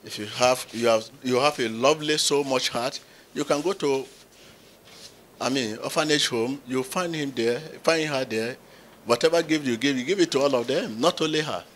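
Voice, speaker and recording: A pastor, a middle-aged man, is addressing his congregation. He tells a story with lively swings and bursts of loud exclamation. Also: medium pitch, normal speed, slight background noise. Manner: animated storyteller who acts out quotes with sudden loud exclamations. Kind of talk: preaching, telling a story to a congregation.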